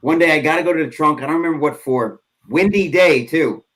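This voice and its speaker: A man's voice: fairly high pitch, a little fast, fairly bright tone, a little hiss or hum, rough recording. Easygoing man telling stories. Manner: laughing, rambling anecdotes with fillers. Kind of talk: casual storytelling chat.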